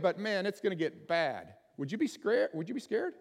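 A pastor with a high-pitched, sing-song voice preaches fairly quickly in a big-sounding room. His sermon is conversational, and he keeps asking the congregation questions.

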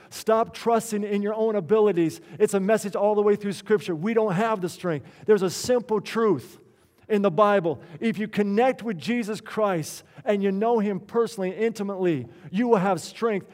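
Middle-aged preacher guy, bit high voice, earnest, long echo in the church hall. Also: darkish tone. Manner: earnest preaching, asks the congregation questions. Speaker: pastor. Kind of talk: sermon.

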